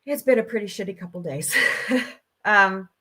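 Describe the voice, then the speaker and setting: A middle-aged woman talks straight into her laptop mic at home, hosting a casual stream. She vents in an emotional, personal way, her voice in a middle pitch. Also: moderate pace, fairly bright tone. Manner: emotional, venting, tearful at times. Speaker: podcast host. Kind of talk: casual livestream chat. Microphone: laptop microphone.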